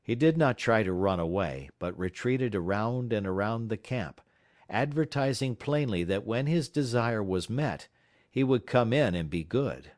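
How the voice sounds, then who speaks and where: A man reading a classic novel aloud as an audiobook narrator, in a measured, dramatic storytelling manner. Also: fairly low pitch, expressive, darkish tone, dry recording, studio quality. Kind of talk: scripted narration.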